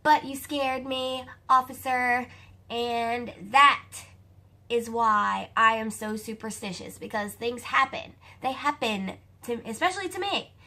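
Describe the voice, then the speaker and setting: Young Southern woman, vlogger, animated storyteller; bright tone with a gravelly edge. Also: fairly high pitch, a little slow. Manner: animated, chatty, addresses viewers as you guys. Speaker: vlogger telling a personal story. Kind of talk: casual storytelling to camera.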